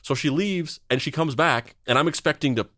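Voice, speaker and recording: A man's voice: a little high, a little fast, pushed and bright, no echo, studio quality. A man in his thirties, a podcast co-host, telling a story in a rambling, conversational way with a sardonic, blunt edge. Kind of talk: casual chat.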